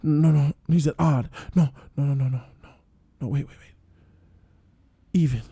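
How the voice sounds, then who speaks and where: A man tells the story of a show in a casual, slangy review, with plenty of energy in his delivery. His voice is gravelly and dark, a little higher than most men's, and it sits in a dry, close recording. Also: little pitch movement, brisk, no echo.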